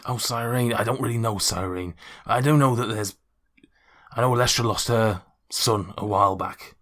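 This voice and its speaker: A man voicing a blunt, plain-spoken townsman with a Scouse accent, halting and restarting as he talks. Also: fairly low pitch, a bit bright.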